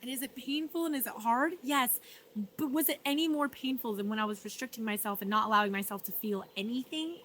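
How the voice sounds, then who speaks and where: Earnest woman vlogging, soft and emotional. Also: a little high, brisk, slight background noise. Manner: emotional, earnest, often softly spoken with laughs. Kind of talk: reflective personal vlog. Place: art residency.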